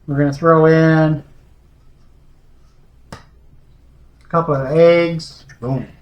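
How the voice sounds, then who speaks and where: Slow, folksy man cooking in a kitchen. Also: a little high, fairly even intonation, lo-fi sound. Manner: folksy, chatty, talks straight to the viewer. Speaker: home cooking show host. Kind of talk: casual cooking demonstration. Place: home kitchen. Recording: echoey room.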